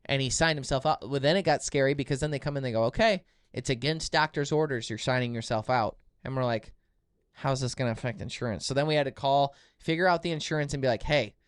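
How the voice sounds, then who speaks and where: On a podcast, a male co-host with a mid-range voice tells a story in casual chat, animatedly acting out the quoted dialogue. The recording is dry and studio quality.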